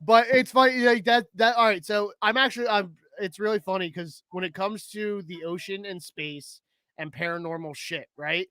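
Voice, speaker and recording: High, bright-voiced laughing podcast man. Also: normal speed, clean tone, no echo. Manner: giggly, animated, frequent laughter. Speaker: podcast co-host. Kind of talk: casual chat.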